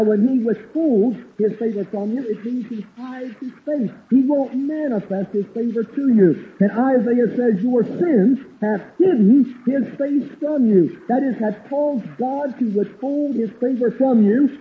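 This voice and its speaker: A man preaching a sermon, slowing to stress key phrases and dropping low and quiet when he tells a story. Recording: tinny lo-fi line with faint hiss.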